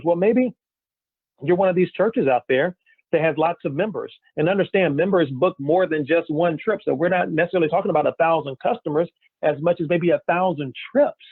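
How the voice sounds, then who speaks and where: A man giving an energetic sales pitch, firing off rhetorical questions to his listeners. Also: slightly rough, no room sound. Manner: energetic, rhetorical questions, keeps saying "guys". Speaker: business opportunity presenter. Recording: tinny phone-like dry recording.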